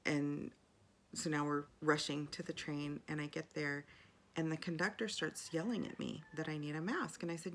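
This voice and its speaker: A woman's voice: deep voice, steady tone, normal speed, fairly bright tone, slight background noise. A middle-aged woman in a casual video journal, telling a personal story in a chatty, rambling way full of fillers and restarts.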